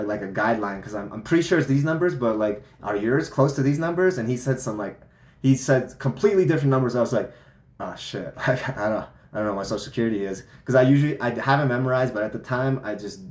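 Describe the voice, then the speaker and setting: A young man vlogging, telling a personal story in a loose, candid way, swearing and filling with "like". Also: medium pitch. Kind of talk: casual storytelling monologue. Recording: echoey room.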